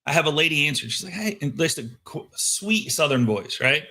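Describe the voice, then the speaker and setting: A man hosting a live show, coaching listeners on sales outreach and telling lively stories of his phone calls. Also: a little high, normal speed. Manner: animated storyteller acting out phone calls. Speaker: host. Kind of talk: casual coaching talk. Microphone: headset microphone.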